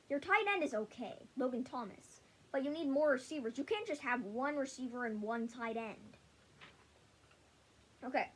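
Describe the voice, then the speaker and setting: A woman's voice: high voice, fairly bright tone, a little hiss or hum. A woman giving a casual sports opinion rant, blunt and rambling, who often stumbles and restarts her sentences. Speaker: sports vlogger.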